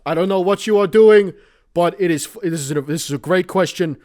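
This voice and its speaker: A man's voice: high voice, brisk, darkish tone, natural voice. A man doing an impression of a wordy, lecturing older male politician who rambles. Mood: earnest lecturing.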